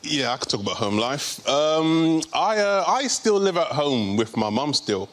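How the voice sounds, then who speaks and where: A man's voice: a little high, very animated, unhurried, a bit bright. A young man doing a stand-up routine, telling a story in a loose conversational way. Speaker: stand-up comedian.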